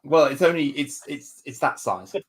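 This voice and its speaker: A man's voice: on the high side, animated, moderate pace. A man in a casual toy chat, chuckling and hesitant with many restarts.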